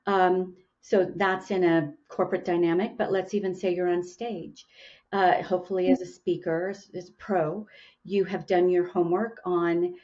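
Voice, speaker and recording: Low-voiced woman hosting a talk show. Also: level tone, moderate pace, a little mellow, muffled recording. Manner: musing, with many restarts and fillers. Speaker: podcast host. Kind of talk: casual interview chat.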